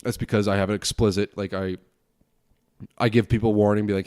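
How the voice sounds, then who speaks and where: A young man hosting a casual solo podcast, rambling quickly with lots of restarts and swearing. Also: lowish voice, little pitch movement, a little mellow, smooth, no room sound, clean studio sound. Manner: fast rambling talk, frequent swearing and restarts. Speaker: podcast host and broadcasting student.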